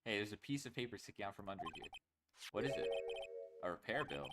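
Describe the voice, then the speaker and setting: A man's voice: fairly low pitch, animated, quick pace, very noisy. A man voicing the lead in a fan voice-over of a video game, with wry, sarcastic asides and game music behind.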